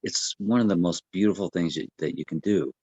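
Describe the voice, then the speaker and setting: Deep-voiced man explaining breathwork. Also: husky, no room sound. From United States. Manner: gentle, unhurried, with many fillers and restarts. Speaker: breathwork coach. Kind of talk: casual explanatory talk.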